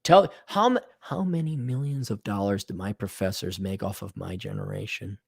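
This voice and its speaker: A man's voice: lowish voice, normal speed, creaky, slightly rough. A man hosting a podcast, delivering a profane, sarcastic solo rant with scornful asides. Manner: animated, mocking voices in quotes. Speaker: podcast host. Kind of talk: ranting solo commentary.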